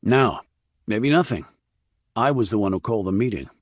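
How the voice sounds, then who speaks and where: A man's voice: on the low side, expressive, normal speed, dry recording, clean studio sound. A man doing a terse army investigator. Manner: terse, level, confident. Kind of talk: audiobook character reading.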